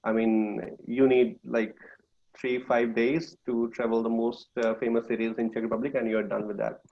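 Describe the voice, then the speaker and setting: Halting North Indian man, dull lo-fi audio. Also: mid-range voice, level tone. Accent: North Indian English. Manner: halting, many filler sounds. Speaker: guest speaker and author. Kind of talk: casual talk in an online session.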